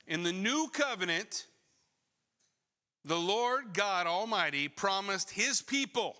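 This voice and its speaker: A middle-aged male pastor preaching a sermon in a conversational, animated way, full of rhetorical questions. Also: a little high. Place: church sanctuary. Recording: long church hall reverb.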